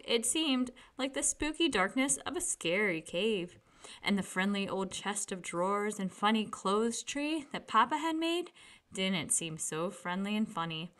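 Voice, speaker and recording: With a mid-range voice, a woman gives a gentle, expressive reading of a children's picture book.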